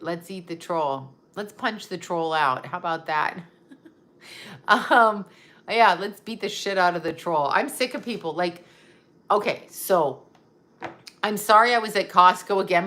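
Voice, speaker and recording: A woman's voice: fairly low pitch, bright, forceful tone. A woman who works as a psychic medium, chatting casually on a livestream, reading viewer comments aloud and answering them in a blunt, profane, rambling way.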